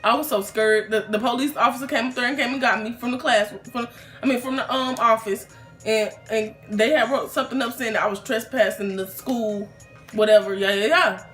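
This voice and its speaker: A young woman tells a personal story in a loose, chatty vlog style, restarting sentences and leaning on fillers. Her voice sits a little high. Soft music plays faintly underneath. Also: steady tone, brisk. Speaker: YouTuber telling a storytime.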